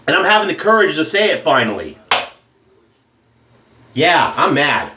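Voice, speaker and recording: A man's voice: fairly high pitch, big pitch swings, a little slow, pushed and bright, a little hiss or hum. A man delivering a heated, profane rant in a shaving vlog. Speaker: shaving vlogger. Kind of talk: angry political rant. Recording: echoey room.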